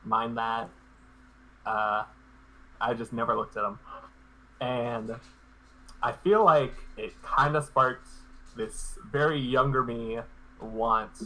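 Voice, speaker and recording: A man's voice: mid-range voice, bright, forceful tone, poor audio. A man being interviewed as a guest on a live stream, talking in a laid-back, hesitant way and often restarting his sentences.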